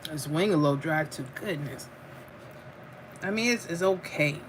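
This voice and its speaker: Her voice deep and her speed normal, a middle-aged livestream host eats on camera at home and chats easily, reading viewers' comments aloud. She laughs a lot and calls people "honey", with background noise audible.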